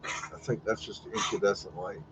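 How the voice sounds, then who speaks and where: A man's voice: lowish voice, level tone, a little fast, very noisy. Rambling man hosting a live stream. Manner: rambling, profane, wondering aloud, teasing his dog. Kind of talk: casual live-stream commentary on old photos.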